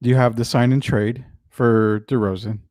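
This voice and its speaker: A man hosting a laid-back sports talk show, putting questions to his co-host in a loose, rambling way. His voice sits at a middle pitch and sounds dry and close to the mic. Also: steady tone, a little mellow, dry recording. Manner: drawn-out, questioning, conversational.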